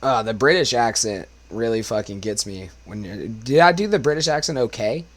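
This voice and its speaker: A man's voice: medium pitch, lively intonation, moderate pace. A young man chatting loosely on his livestream between karaoke songs, rambling and swearing often, his voice worn from smoking. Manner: rambling, swears a lot, talks to chat. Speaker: karaoke streamer. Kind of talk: casual livestream chat.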